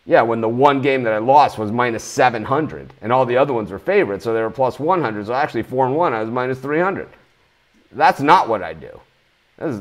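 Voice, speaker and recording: A man hosting a live sports betting show, talking bluntly in a ranting, swearing manner. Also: medium pitch.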